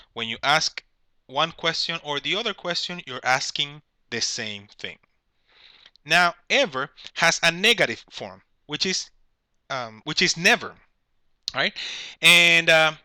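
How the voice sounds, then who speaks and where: A man's voice: on the high side, bright, forceful tone, no room sound. A man teaching an English grammar lesson, explaining patiently, checking in with "all right?" and correcting himself as he goes. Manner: corrects himself mid-sentence.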